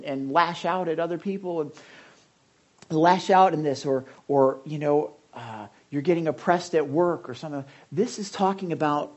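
Husky-voiced man preaching animatedly. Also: on the high side. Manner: animated preaching with conversational asides and emphatic outbursts; frequent restarts and repeated words. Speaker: pastor. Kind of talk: sermon.

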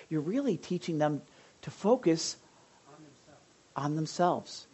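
A man preaching a conversational sermon to his congregation, lively and direct, with frequent asides and questions to his listeners. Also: on the high side. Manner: animated, addresses the audience directly, frequent asides. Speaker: pastor.

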